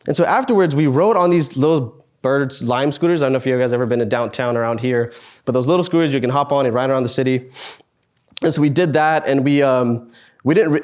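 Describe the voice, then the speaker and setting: A man in his twenties, speaking at a student meetup, telling a personal story in an earnest, halting way with sighs and pauses. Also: mid-range voice, a little mellow. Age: 20s.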